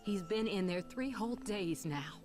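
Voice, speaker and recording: An actress playing a kindly neighbor woman who speaks gently in a video game. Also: medium pitch, lively intonation, moderate pace, over music, close to an everyday voice. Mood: gentle. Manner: gentle, motherly.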